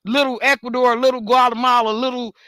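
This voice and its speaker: High, bright-voiced New woman ranting. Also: little pitch movement, fairly quick, no echo. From New York. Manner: profane, emphatic, repeats words for force. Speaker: talk show host. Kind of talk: ranting monologue.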